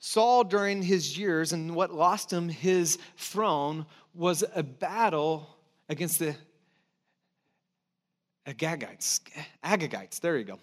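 A man preaching a sermon in a conversational, emphatic way, with restarts and asides, sometimes dropping to soft encouragement. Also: fairly high pitch, takes it slowly. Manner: drops to soft, intimate encouragement. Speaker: pastor.

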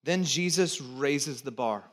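Taking his time, a middle-aged American pastor delivers a conversational sermon in church, prompting the congregation to repeat words and slipping in joking remarks. His delivery rises to loud, emphatic lines and drops to quiet, low ones.

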